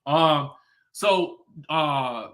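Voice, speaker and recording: A man's voice: fairly high pitch, extremely slow, a bit bright. A man recapping drama as a commentator, talking casually and animatedly, firing off rhetorical questions and saying "okay" a lot.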